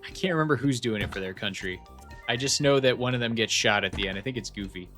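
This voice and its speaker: A rambling, jokey man livestreaming a game at a middle pitch, talking loosely to his chat at a desk microphone. Light game music runs quietly underneath. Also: quick pace. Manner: chatty, jokey, rambling with fillers and restarts.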